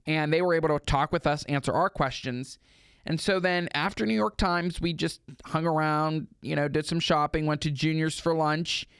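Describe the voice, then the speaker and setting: A young man in his twenties co-hosting a podcast, recounting a trip in casual chat with lively asides. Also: a little high, moderate pace, smooth, no room sound, studio quality. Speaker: podcast co-host.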